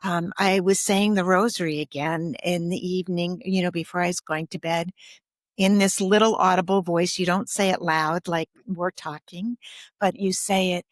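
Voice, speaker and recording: A woman guest on a podcast speaking softly and thoughtfully in reflective conversation, pausing often with ums. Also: on the low side, dry recording, studio quality. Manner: soft-spoken, thoughtful, with frequent pauses and ums. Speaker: guest, grief and ancestral healer.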